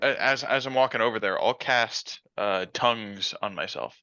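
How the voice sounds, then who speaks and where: A man's voice: lowish voice, normal speed, sharp tone. A man playing a tabletop game, talking in an easygoing, plain way. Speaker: player. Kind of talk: casual tabletop play. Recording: dull lo-fi mic.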